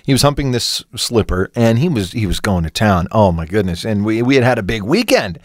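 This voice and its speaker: A man co-hosting a comedy podcast, telling a long rude anecdote in casual chat, animated and swearing freely. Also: lowish voice, brisk, dry recording, studio quality. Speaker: podcast co-host.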